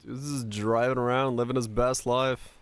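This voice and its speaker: A man's voice: medium pitch, level tone, moderate pace, clear, resonant tone, no echo. A man streaming live, rambling casually to his viewers with lots of filler words. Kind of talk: casual livestream chat with viewers.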